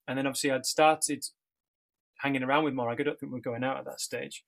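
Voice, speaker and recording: A man's voice: medium pitch, fairly even intonation, quick pace, gravelly, fairly bright tone. Chatty man telling his story. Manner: chatty, rambling, with many fillers and restarts. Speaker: church member sharing his story. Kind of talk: casual personal testimony.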